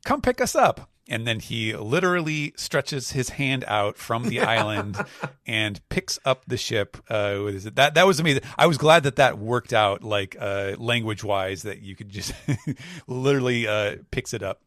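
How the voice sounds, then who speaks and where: A man's voice: on the low side, normal speed, a bit bright, no echo, clean studio sound. A man co-hosting a podcast, recapping a comic chapter in a rambling, casual way with lots of fillers. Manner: rambling, with many fillers, and laughs at his own jokes. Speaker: podcast co-host.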